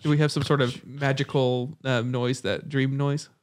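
A man's voice: mid-range voice, little pitch movement, normal speed. A man hosting a podcast who guides a guest through a playful scenario, asking questions and chuckling. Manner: guiding, quizzing and chuckling. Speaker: podcast host. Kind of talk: casual podcast chat.

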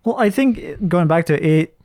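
A man co-hosting a casual chat, an English teacher making calm, thoughtful points. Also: fairly high pitch, measured pace, no echo, studio quality.

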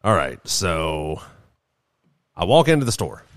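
A man's voice: sits low, very animated, slow. A man hosting a podcast in casual chat, steering the talk and joking in mock exasperation. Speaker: podcast host.

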